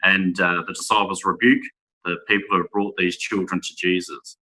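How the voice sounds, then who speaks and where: A man giving a Bible talk to young men, reading scripture aloud and asking rhetorical tag questions in a measured way. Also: sits low, flat delivery, pushed and bright, poor audio. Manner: measured, with small restarts. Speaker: speaker at a Bible school.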